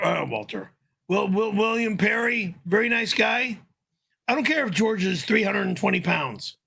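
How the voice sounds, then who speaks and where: A man doing a gravelly, high-pitched, cursing ranter. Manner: cursing, quick-tempered, flies into high-pitched yelling. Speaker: host of a live stream. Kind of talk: irate live-stream rant.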